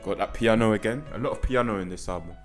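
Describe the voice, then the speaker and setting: A low-voiced man chatting through an album reaction in an easy, laid-back way, thinking aloud as he goes. Faint music sits quietly behind his voice. His delivery is casual and unhurried.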